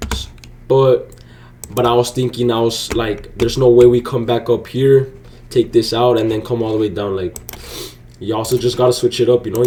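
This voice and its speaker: A young man casually commenting on his day trades to viewers, slangy and excitable, swearing freely. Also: medium pitch. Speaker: day trading vlogger. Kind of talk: casual live commentary while trading.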